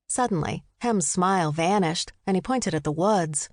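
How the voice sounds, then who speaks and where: A woman's voice: lowish voice, normal speed, few pauses, dry recording. Woman narrating a cozy mystery. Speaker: audiobook narrator. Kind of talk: scripted narration. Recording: dry studio close mic.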